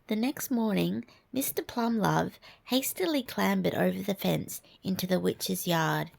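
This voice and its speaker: A woman reading a fairy tale aloud, softly and half-whispered. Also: mid-range voice, unhurried, vocal fry. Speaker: storyteller. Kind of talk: storybook reading.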